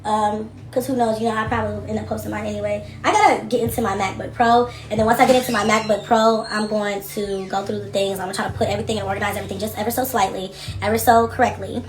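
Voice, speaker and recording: A young adult woman hosting a casual livestream from her home office, reading comments and talking in a blunt, profane, animated way. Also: medium pitch, fast, few pauses, roomy sound, faint music behind. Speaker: livestream host.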